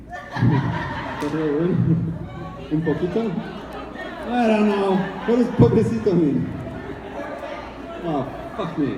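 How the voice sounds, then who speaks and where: A man's voice: high voice, noisy background. A man from Canada, an actor answering fan questions in a casual, playful and rambling way on a convention stage. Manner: playful, rambling, joking with the crowd. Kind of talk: casual audience Q&A. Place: large convention hall stage. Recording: echoey hall, voice from far off.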